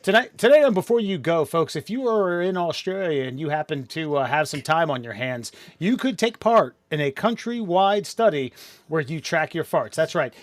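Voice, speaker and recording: A man hosting a casual podcast, swearing often and rambling in quick bursts. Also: fairly high pitch, animated, no room sound. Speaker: podcast host.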